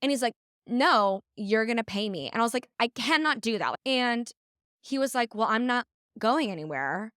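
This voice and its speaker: A woman's voice: fairly high pitch, normal speed, dry recording, studio quality. A woman in her twenties co-hosting a podcast, telling a story with lots of acted-out quotes and laughter. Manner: animated storyteller, acts out quotes, laughs often. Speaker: podcast co-host. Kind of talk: casual chat, storytelling.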